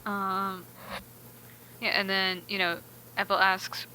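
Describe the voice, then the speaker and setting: A woman's voice: mid-range voice, flat delivery, takes it slowly, sharp tone, slight background noise, poor audio. A woman co-hosting a podcast in casual discussion, chatty and laughing often as she recaps. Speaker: podcast co-host.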